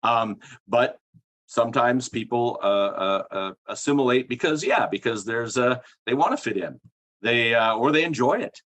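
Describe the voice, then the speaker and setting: A man's voice: mid-range voice, animated, normal speed, fairly bright tone. A middle-aged man from Minnesota, a professor explaining ideas in an interview, hesitant and full of fillers. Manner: hesitant, many fillers and restarts. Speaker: guest, psycholinguistics professor.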